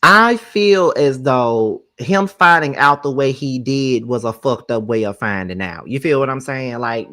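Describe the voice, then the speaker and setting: A man's voice: medium pitch, sharp tone, dry recording, studio quality. A man hosting an interview who reacts casually to his guest's story. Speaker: host.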